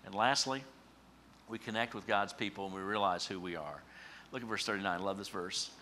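A man preaching a sermon as pastor, swinging from hushed, slow scripture lines to loud emphatic peaks. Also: medium pitch, expressive. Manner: emphatic, with dramatic swells and hushed drops; slows down for scripture quotes.

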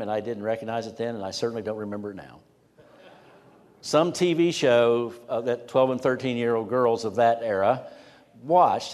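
A middle-aged male pastor giving an expository sermon, stressing key words and pausing between phrases. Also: mid-range voice, darkish tone. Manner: expository preaching with rising emphasis and pauses. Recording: long hall reverb.

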